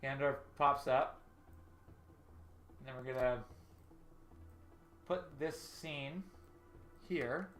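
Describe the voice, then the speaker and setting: Speaking slowly with long pauses, this man has a mid-range voice that's a touch bright. He's a livestream host musing out loud over his storyboards and joking at his own expense with viewers, while faint game music plays and the room gives off a noticeable echo.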